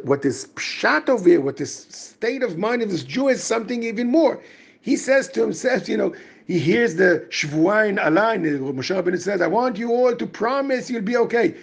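A man talks through the weekly Torah portion in a high, husky voice that swings up and down as he acts out the inner voices of the people in the verses. His tone has a gravelly edge. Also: sing-song, moderate pace. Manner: explains verses, mixes Hebrew terms into English, acts out inner voices. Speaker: rabbi giving a Torah talk.

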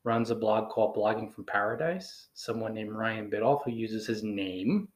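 A man's voice: fairly low pitch, normal speed. A man from northern New Jersey with a northern New Jersey accent, a blogger talking casually to his listeners and firing off emphatic rhetorical questions. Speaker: blogger giving advice. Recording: echoey room.

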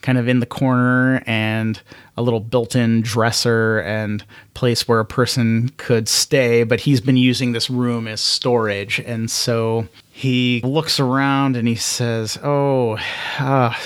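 Slow-talking man narrating a solo tabletop game. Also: mid-range voice, little pitch movement, smooth, no echo. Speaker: podcast host and solo game player.

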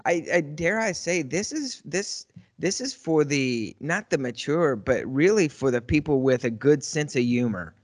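A man co-hosting a casual talk show, reacting briefly and speaking in halting restarts. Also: fairly high pitch, lively intonation, no echo, studio quality. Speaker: co-host. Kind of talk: casual chat.

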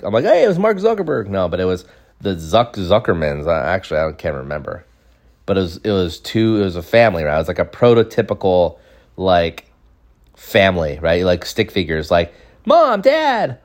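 A man in his thirties telling a casual, rambling, jokey story from his childhood, acting out bits of it. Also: deep voice. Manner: rambling, jokey, acts out voices. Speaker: podcast storyteller.

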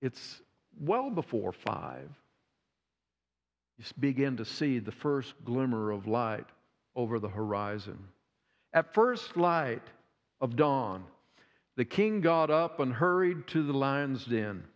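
A man preaching a sermon, retelling a story dramatically with repeated phrases and pauses. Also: medium pitch, lively intonation. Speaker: pastor. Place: church sanctuary. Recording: dull sound with long hall reverb.

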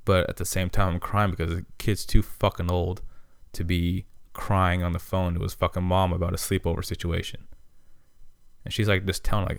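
Podcast host, male, low gravelly voice, dry close sound, swears constantly, rambling and irritated. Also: level tone, moderate pace, no room sound. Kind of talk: casual storytelling monologue.

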